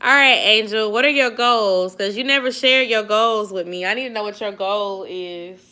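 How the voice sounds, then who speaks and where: Her voice is medium-pitched, bright and forceful, at a normal speed. She's a young woman from the Atlanta area running a relaxed late-night YouTube livestream, going through viewer comments and handing out sisterly advice while she yawns and fights sleep.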